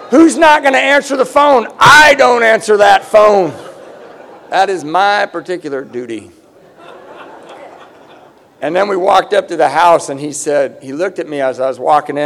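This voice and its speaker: A middle-aged man giving a personal recovery testimony at a conference, conversational and self-mocking, now and then raising his voice for emphasis. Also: fairly high pitch.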